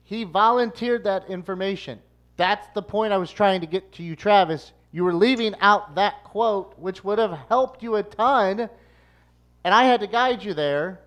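A man's voice: high-pitched, moderate pace, a bit bright. A man judging a podcast game, awarding points and prodding with mock-official questions. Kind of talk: casual podcast banter.

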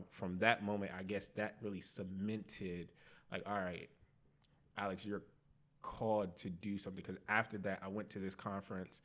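A young man on a podcast, telling his life testimony in casual slang, animated and laughing at himself. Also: low voice. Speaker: podcast guest.

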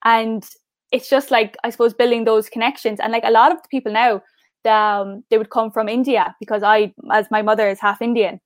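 Irish girl rattling on fast in an interview, kinda high voice, lots of "like", dry sound. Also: flat delivery, dry recording. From Ireland. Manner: chatty and upbeat, quick with fillers like "like" and "I suppose". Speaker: interview guest, pageant finalist. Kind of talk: casual interview chat.

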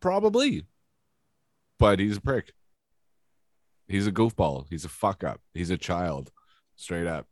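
A man's voice: low-pitched, lively intonation, a little slow, pauses often, no echo, studio quality. A man co-hosting a casual sports podcast, giving blunt, clipped opinions with a wry edge. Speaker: podcast co-host.

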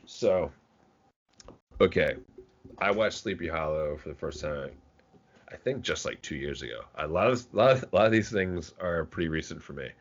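A man's voice: extremely low pitch, expressive, moderate pace, pauses often. A man co-hosting a podcast, chatting casually about movies, rambling with frequent restarts and casual swearing. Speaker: podcast co-host. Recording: dull lo-fi podcast audio.

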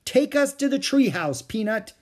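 A man voicing an excitable, brave young girl in a storybook reading. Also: normal speed, creaky, husky, exaggerated voice. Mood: excited. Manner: high bright excited lines.

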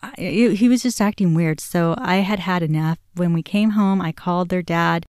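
A woman in her forties tells a personal family story on her own podcast, speaking in a low, mellow voice. She talks candidly and conversationally, full of "you know" asides, and acts out the dialogue she recalls. The recording is close and dry. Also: normal speed, clear, resonant tone, dry recording. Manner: many "you know" fillers. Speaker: podcast host.

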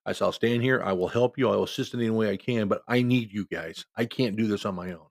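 Middle-aged guy from iowa telling an old ref story, low gravelly voice, dry close sound. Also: quick pace, no echo. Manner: folksy, conversational, quotes people in his own voice. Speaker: football referee. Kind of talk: casual spoken storytelling.

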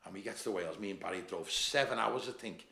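A man's voice: sits low, quick pace, gravelly. A man with a Liverpool accent, a bodybuilder and gym owner on a podcast, telling stories in a casual chat full of swearing and "mate" and "lad". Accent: Liverpool (Scouse). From Liverpool, England. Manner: animated anecdotes, heavy swearing, lots of "mate" and "lad". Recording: roomy echo.

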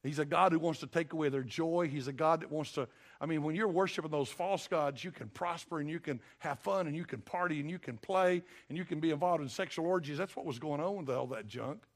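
A man's voice: a little high, fairly quick. An older man preaching a sermon as pastor, with a folksy, emphatic delivery that keeps calling on the congregation to respond. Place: church sanctuary.

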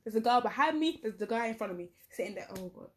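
A young woman telling a story about her schooldays in a casual, animated way, acting out the dialogue. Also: on the high side, fast. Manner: animated, dramatic retelling with quoted dialogue. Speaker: vlogger.

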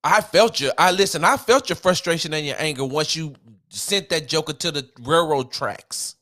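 A man's voice: a little high, normal speed, pushed and bright. A man hosting a solo sports podcast, ranting in a heated, emphatic way with casual slang.

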